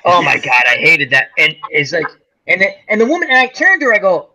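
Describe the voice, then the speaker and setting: A man's voice: fairly high pitch, huge pitch swings, quick pace, pushed and bright, low-quality recording. A man telling a long, funny story in a casual chat, acting out quotes and swearing freely. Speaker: podcast co-host telling a story.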